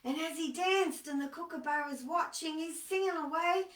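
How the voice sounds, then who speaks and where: A woman's voice: very high voice, moderate pace, few pauses, a bit bright, recorded from a distance. A woman reading a children's story aloud expressively, asking her listeners questions along the way. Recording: echoey room, voice off-mic.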